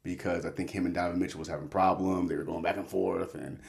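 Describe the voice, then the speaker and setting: Fast and gravelly, with a low, steady tone, a man runs through his picks while hosting a casual sports talk podcast. He's laid-back, swears casually, and keeps interrupting himself.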